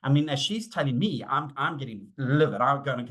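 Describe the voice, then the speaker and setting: A middle-aged man presenting a webinar on safety, telling stories in an animated way, acting out the dialogue and using frequent fillers. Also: mid-range voice, moderate pace. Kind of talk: storytelling talk.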